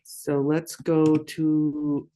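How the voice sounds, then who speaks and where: Slow patient woman teaching pronunciation. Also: low voice, warm tone, slight background noise. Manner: slow, patient, repeats words for learners to echo. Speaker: language teacher. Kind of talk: recorded language lesson.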